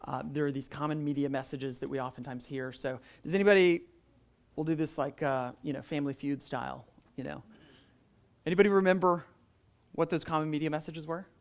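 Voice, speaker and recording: A man leading a Sunday school class with a fairly high voice in a church classroom. He talks casually, full of "um"s and restarts, and keeps asking the group questions. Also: steady tone, a little fast, gravelly. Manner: conversational, many "um"s and restarts, quizzes the class.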